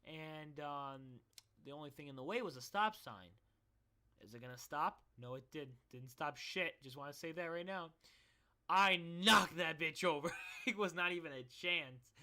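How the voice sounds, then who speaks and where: A man's voice: fairly high pitch, moderate pace, bright, forceful tone. A young man telling a personal story in a casual, rambling way, swearing and restarting often. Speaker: vlogger.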